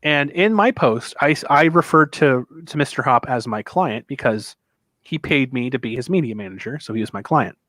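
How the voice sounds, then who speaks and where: A man's voice: mid-range voice, animated, normal speed, a bit bright, no room sound. A man telling a long, rambling story in casual chat, swearing freely and acting out what other people said. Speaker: podcast co-host telling a convention story.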